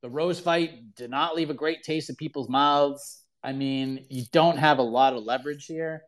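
A man's voice: on the high side, fairly even intonation, normal speed. A man hosting a casual sports talk call-in show, opinionated and emphatic, often repeating himself for emphasis. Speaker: podcast host answering callers.

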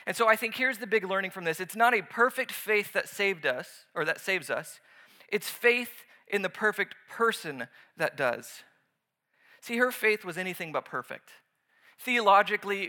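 A man preaching a sermon, lively and conversational, acting out voices when he tells stories. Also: high-pitched. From United States. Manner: animated, acts out voices in anecdotes. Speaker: pastor.

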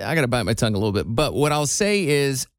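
A man's voice: medium pitch, big pitch swings, fast talker, dry recording, studio quality. A man hosting a talk show segment in casual chat, playful and leading the conversation. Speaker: radio show host.

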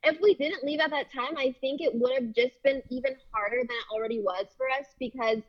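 A woman's voice: high voice, a little fast, dull audio. A young woman co-hosting a podcast, chatting casually and reassuringly, laughing often. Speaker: podcast co-host. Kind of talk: casual chat.

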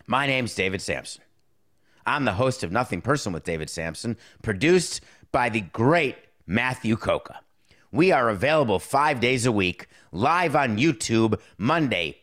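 A middle-aged man hosts his own show in a loose, opinionated monologue. He is sarcastic and wisecracking, jumping from loud outbursts to low muttered asides. His pitch sits in a middle range for a man. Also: expressive, normal speed. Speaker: show host.

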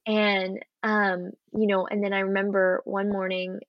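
An earnest young actress tells her story in a casual interview, lively and sincere. The recording is dry with no room sound and slightly muffled. Her voice sits in a middle range for a woman. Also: medium pitch, a little slow, dry recording. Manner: earnest, animated storytelling with acted quotes and laughs. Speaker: actress guest.

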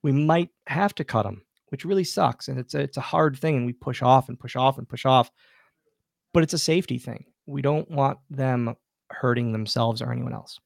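A man with a gravelly, fry-tinged voice spins casual stories as an interview guest. He acts out other people's lines and restarts his sentences often. The sound is dry and close. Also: mid-range voice, moderate pace, no echo. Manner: animated anecdotes, acts out quoted dialogue, many restarts. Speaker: guest, former pro wrestler and wrestling school owner. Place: podcast studio.

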